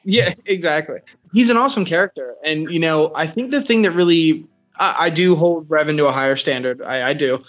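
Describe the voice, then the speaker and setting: Enthusiastic young man, higher-pitched voice. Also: a little fast, a bit bright, faint music behind, poor audio. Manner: enthusiastic, rambling with fillers. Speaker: podcast co-host. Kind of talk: casual chat.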